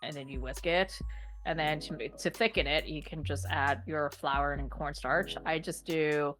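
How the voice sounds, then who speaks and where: A young Canadian woman co-hosting a podcast, chatting casually, blunt and animated, swearing freely. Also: low-pitched, a little slow, faint music behind. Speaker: podcast co-host.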